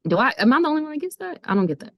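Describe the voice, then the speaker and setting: A woman's voice: sits high, sing-song, rapid-fire, no room sound, studio quality. A woman who just turned thirty, co-hosting a casual podcast chat and asking earnest, searching questions. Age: 30s. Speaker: podcast co-host.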